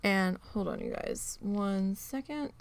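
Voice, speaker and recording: A woman's voice: medium pitch, slow pace, gravelly, slight background noise. A woman streamer telling a family story in casual chat, swearing freely and acting out quoted voices. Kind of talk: casual storytelling while gaming.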